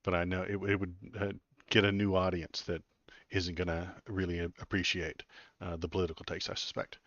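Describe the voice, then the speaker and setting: A man's voice: sits low, flat delivery, brisk, fairly bright tone, no echo. A man hosting his own political live stream from home, chatting casually in a rambling, self-deprecating way with lots of fillers. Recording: dry, slightly dull lo-fi audio.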